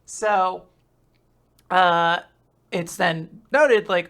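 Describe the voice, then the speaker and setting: A woman's voice: medium pitch, a bit bright. A woman co-hosting a manga podcast, recapping chapters in casual, jokey chat with frequent laughs over a remote call. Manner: jokey, laughs often, quick asides.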